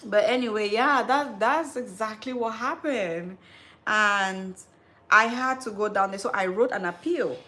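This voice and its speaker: A woman in her thirties hosting a live stream, telling a personal story in an animated, chatty way. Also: mid-range voice, unhurried. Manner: animated storytelling, calls listener "girl". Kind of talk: casual live-stream chat.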